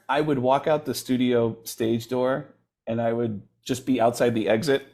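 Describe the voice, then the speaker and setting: A middle-aged man, a comedian guest in an interview, telling stories with lively energy and acting out the voices of people in them. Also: mid-range voice, normal speed. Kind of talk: animated storytelling in an interview.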